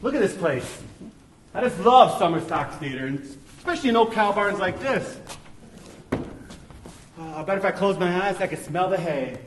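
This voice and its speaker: A man's voice: sits high, animated, moderate pace, pauses often, echoey room, a little hiss or hum. A man playing an insecure, self-doubting actor with a dramatic, neurotic manner in a community radio play. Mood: charming. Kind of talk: amateur radio play acting.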